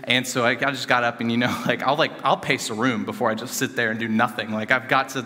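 A young man giving an earnest personal testimony to a gathering, rambling with many fillers and swinging between animated and hushed. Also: medium pitch, fast. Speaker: student speaker giving a testimony. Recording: reverberant hall.

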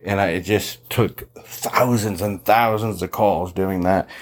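A man's voice: deep voice, slow pace. A man telling sales stories in a casual, chatty monologue as a coach, with many fillers, acting out the people he quotes. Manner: animated, chatty, lots of fillers, acts out quoted voices.

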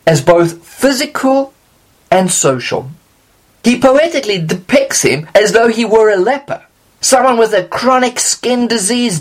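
A Bible teacher explaining scripture in a measured way, slowing down on key words for emphasis. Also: mid-range voice.

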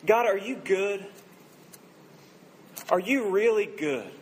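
A man preaching a sermon, telling a story and quoting its people in a softer voice. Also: high voice, animated, slow pace, slight background noise, poor audio. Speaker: pastor.

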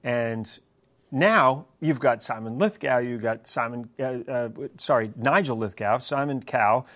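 A man from New Zealand with a New Zealand accent, a guest talking in a casual, animated interview, laughing often. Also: medium pitch, unhurried.

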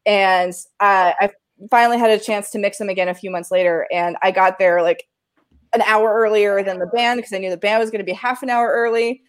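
Laughing, animated woman telling a story. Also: mid-range voice, brisk, clear, resonant tone. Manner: animated, laughing often, acts out quotes. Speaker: live sound engineer telling a story. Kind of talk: casual storytelling chat.

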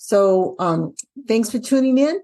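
A middle-aged woman who trains dyslexia teachers, walking through a spelling lesson out loud and asking the viewer questions as she goes. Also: fairly high pitch, lively intonation, a little slow. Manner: talks herself through each step, asks viewers questions. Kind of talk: casual instructional walkthrough.

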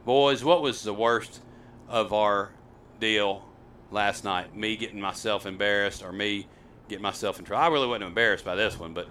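A man's voice: lowish voice, normal speed, sharp tone, recorded from a distance, slight background noise. A middle-aged man, hosting a show and telling stories in a rambling, self-deprecating, folksy way. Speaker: host. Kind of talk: casual storytelling chat.

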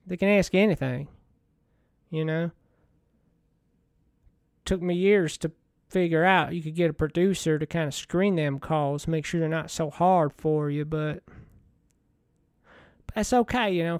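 A man in a rambling comedic monologue as a washed-up TV money-show host, folksy, meandering and deadpan. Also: on the high side, no echo, clean studio sound.

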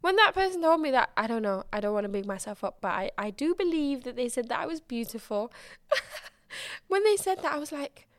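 Frank, animated woman podcaster. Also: high voice, brisk, dry recording, studio quality. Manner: candid, expressive, swears freely. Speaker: podcast host. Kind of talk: casual solo podcast chat.

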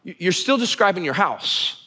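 Guy voicing jesus, patient, keeps pressing the same question, bright voice. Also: sits high, sing-song, moderate pace, breathy edge, big-room sound, full character voice. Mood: insistent. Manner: patient, repeating himself to press a point. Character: Jesus, calm man gently pressing a question.

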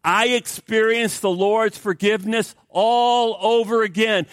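A man's voice: high-pitched, a bit bright, no echo, clean studio sound, pitched above the performer's own voice. A man retelling the words of a tearful widow, speaking earnestly in her voice during a sermon. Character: grieving widow who found her way back.

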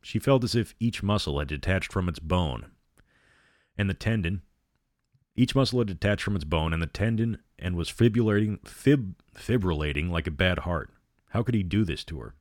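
A man reads a horror story aloud in a steady, measured way. His voice is very low and deep. The sound is dry and close, with no echo. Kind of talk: reading a novel aloud.

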